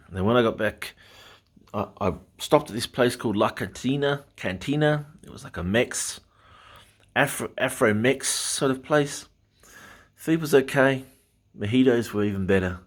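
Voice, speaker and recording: A man's voice: low voice, fairly bright tone. A middle-aged Australian man talking casually in a rambling travel diary, chatty and blunt, with the odd swear. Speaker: travel vlogger.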